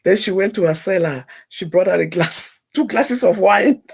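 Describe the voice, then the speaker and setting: Emphatic husky woman telling a story. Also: medium pitch, moderate pace. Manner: emphatic, repeats words for effect. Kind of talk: personal storytelling on a talk show.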